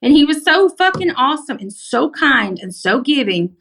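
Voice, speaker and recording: With a high voice, vocal fry, and a moderate pace, this Southern-accented middle-aged Arkansan is a podcast guest. Her storytelling is casual, animated, and emphatic, full of swearing.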